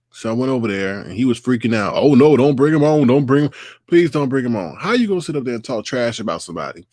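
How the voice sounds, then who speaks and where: A man's voice: mid-range voice, no echo. Guy ranting on his livestream, mid voice, dry close sound, mocks folks he's beefing with. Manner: ranting, mocking impressions of others. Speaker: online show host. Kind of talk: casual livestream commentary.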